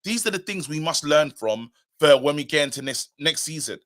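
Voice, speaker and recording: A man's voice: a little high, moderate pace. A man in his thirties, co-hosting a football fan live stream in casual, emphatic chat that repeats its points. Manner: animated, emphatic, repeats himself. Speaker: co-host of a football fan show.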